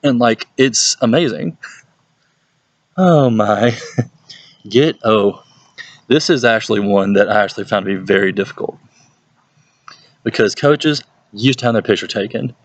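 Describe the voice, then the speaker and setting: A youth pastor from Mississippi with a Southern accent, talking casually and playfully in an advice vlog at home. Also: male voice, moderate pace, no echo. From Hattiesburg, Mississippi, USA. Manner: chatty and playful, jumps into exaggerated high-pitched voices when quoting people. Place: at home, with his dog nearby.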